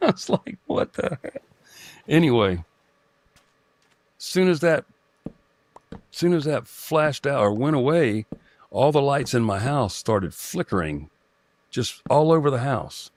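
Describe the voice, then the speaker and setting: A middle-aged man telling a personal story in a halting way, with many restarts and fillers. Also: lowish voice, no echo. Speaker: guest telling a personal experience. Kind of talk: rambling first-person storytelling.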